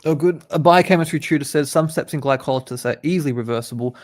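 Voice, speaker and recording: A man's voice: on the high side, fast. A young man, a medical student, reading quiz questions aloud and explaining the answers in a laid-back, casual way. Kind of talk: casual quiz study session.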